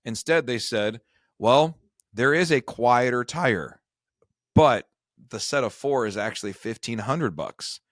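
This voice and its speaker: A man's voice: mid-range voice, expressive, a little slow, fairly bright tone, dry recording, studio quality. A middle-aged man hosting a retirement show, telling a chatty, self-deprecating story in a casual conversation. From Michigan. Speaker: retirement advisor and show host.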